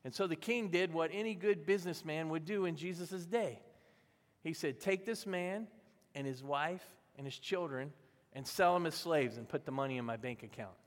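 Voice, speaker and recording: A man's voice: fairly high pitch, normal speed, big-room sound. A man preaching a sermon as a pastor, telling a parable in a conversational way and voicing its characters. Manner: conversational storytelling, acting out voices in the parable.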